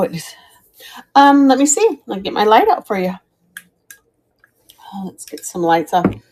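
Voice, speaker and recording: This middle-aged woman runs a live-stream auction of vintage items, chatting along and calling out thanks to viewers by name. She has a medium-pitched, slightly mellow voice.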